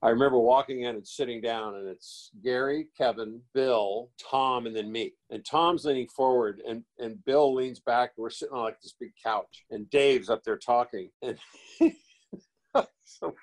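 A middle-aged man and actor, a guest telling casual anecdotes in a rambling, animated way with frequent restarts. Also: mid-range voice, normal speed, poor audio. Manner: rambling, animated storyteller who restarts phrases and acts out quoted voices.

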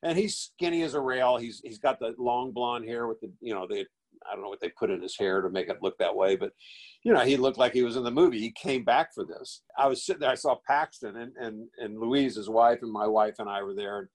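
Middle-aged guy spinning a loose animated anecdote, keeps restarting his sentences. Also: mid-range voice, brisk, poor audio. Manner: rambling, animated storyteller who restarts phrases and acts out quoted voices. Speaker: guest actor. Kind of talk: casual anecdote telling.

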